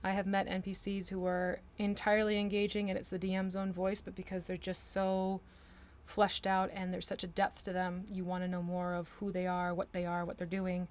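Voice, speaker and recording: A chatty woman talking through her painting on a live stream. She laughs often and drifts into playful voices, with an ordinary mid-range pitch. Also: completely flat delivery, moderate pace. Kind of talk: casual live-stream chat while painting.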